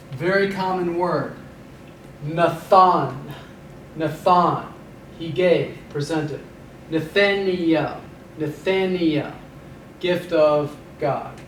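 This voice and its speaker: A man with a fairly high voice teaches vocabulary in a slow, unhurried way, repeating each word for learners to follow. He drops dry puns along the way. He sounds echoey and a little far from the mic, with faint noise behind him. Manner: dry punning humor, drills words by repeating them. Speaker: Hebrew instructor. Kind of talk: recorded vocabulary lecture.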